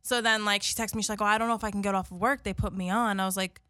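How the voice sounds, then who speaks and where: A young woman co-hosting a casual chat, animated as she tells a story and quotes others in her own voice. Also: mid-range voice, rapid-fire, no echo, studio quality. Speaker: podcast co-host.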